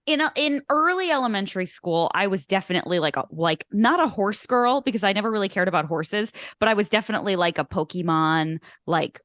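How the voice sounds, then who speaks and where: A young woman from Long Island co-hosting a podcast in casual chat, playful and teasing, telling animated stories. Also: mid-range voice, fairly quick, few pauses, no echo, clean studio sound. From Long Island, New York. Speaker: podcast co-host.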